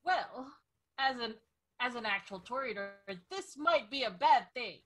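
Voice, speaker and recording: A woman's voice: on the high side, animated, measured pace, a bit bright. A woman playing a tabletop game, talking in a playful, theatrical way over a voice call. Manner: theatrical, melodramatic. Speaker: player. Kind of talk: playful in-character chat.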